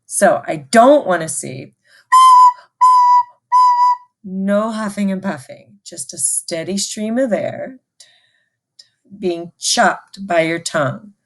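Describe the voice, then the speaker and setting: Woman music teacher, unhurried, lower-pitched, gentle call-and-response recorder lesson for kids.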